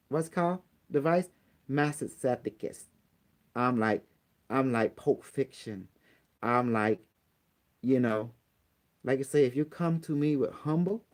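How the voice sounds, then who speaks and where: A man with non-native grammar ranting bluntly and profanely as a channel host. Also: medium pitch. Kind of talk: casual rant on a phone call.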